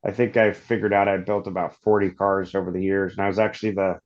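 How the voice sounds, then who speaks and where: A man's voice: deep voice, level tone, quick pace. Rambling storyteller man, dull lo-fi sound. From Northern California. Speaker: podcast guest, off-road shop owner. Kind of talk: casual storytelling.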